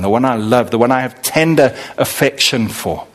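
A man from Zimbabwe, preaching a sermon with animated, dramatic swings in delivery. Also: normal speed. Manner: animated, with sudden dramatic swings in pitch and pace. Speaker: pastor.

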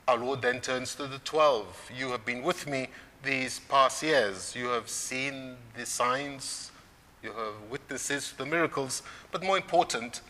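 A man delivers a sermon in a church. His voice is bright and forceful, and he preaches in a measured way, lifting it for emphasis. Long reverb trails behind each phrase. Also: medium pitch. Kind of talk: sermon on scripture.

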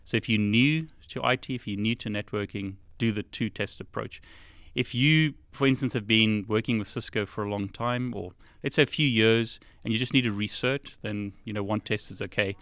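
A man's voice: lowish voice, moderate pace, fairly bright tone, clear, resonant tone, no echo. Casting: chatty South African man, co-host, laughs easily, close dry mic. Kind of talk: casual live chat.

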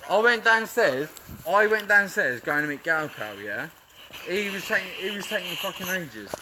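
A young man with a high voice rants on the phone, repeating his grievances and swearing with every breath. He is outdoors, and loud street noise runs under his voice throughout the recording. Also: animated, moderate pace. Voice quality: sweary, ranting and repetitive. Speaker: passer-by on the phone. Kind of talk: heated phone call in the street.

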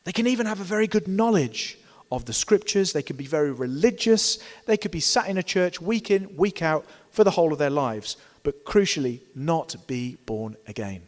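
A man preaching a sermon in a church, emphatic and dynamic, pressing hard on key words and then dropping to a hushed tone. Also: on the high side, animated, moderate pace, few pauses, long reverb tail. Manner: emphatic, swings between loud stresses and quiet drops.

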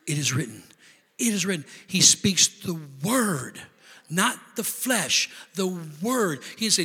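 A male pastor delivers a sermon with a high, bright, forceful voice. He swings from loud, emphatic runs to softer conversational asides. The sound carries the long reverb of a large church hall. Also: sing-song, a little slow, creaky, slightly rough. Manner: dynamic preaching, builds to loud emphatic peaks, then drops to quieter asides. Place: church sanctuary.

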